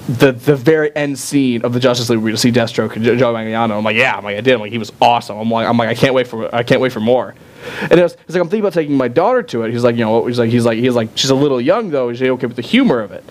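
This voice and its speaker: A man co-hosting a casual chat show, telling rambling stories and acting out the quotes. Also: racing. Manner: rambling, acts out quotes with jumps in pitch. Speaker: podcast co-host. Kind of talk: casual chat, animated storytelling.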